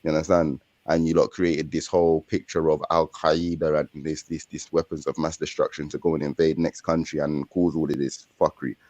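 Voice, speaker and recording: A man's voice: a bass voice, little pitch movement, a little fast, few pauses, darkish tone, no room sound, muffled recording. A young man with a London accent, talking casually in streetwise slang and rambling through his points. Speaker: podcast co-host. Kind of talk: casual chat.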